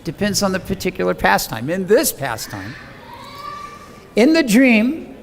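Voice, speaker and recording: A man preaches and tells a scripture story with animated, dramatic delivery, slipping into the voices of the people he quotes. His voice sits high for a man. The talk rings through a hall with a long reverb and a faint hum underneath. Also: unhurried.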